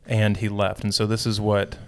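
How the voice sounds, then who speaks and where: A man co-hosting a podcast, leading a relaxed Bible study with dry jokes and frequent restarts. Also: fairly low pitch, moderate pace, smooth. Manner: relaxed, dry joking, self-correcting restarts. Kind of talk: casual chat.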